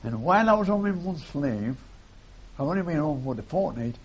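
A man's voice: fairly high pitch, animated, brisk, husky. An older man, reminiscing in a rambling way and ending his phrases with "see". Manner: rambling, repeats phrases, tags lines with "see". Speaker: war veteran interviewee. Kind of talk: oral history reminiscence. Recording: dull lo-fi tape with faint hiss.

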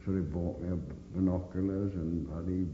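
A man's voice: low voice, steady tone, fairly quick, noisy background. An older man recounting his wartime experiences in an oral history interview, blunt and swearing constantly as he tells the story. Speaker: veteran interviewee. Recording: dull echoey recording in reverberant room.

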